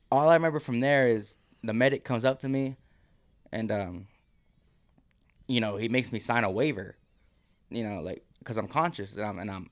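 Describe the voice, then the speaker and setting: A man, a podcast guest, telling a story casually, acting out quotes and laughing often. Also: mid-range voice.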